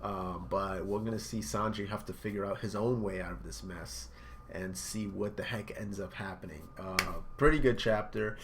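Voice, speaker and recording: Excitable man narrating a comic reaction. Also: fairly low pitch, normal speed, a little hiss or hum. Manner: excitable, with sound effects and fillers. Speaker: manga reaction host. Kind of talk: casual play-by-play reaction.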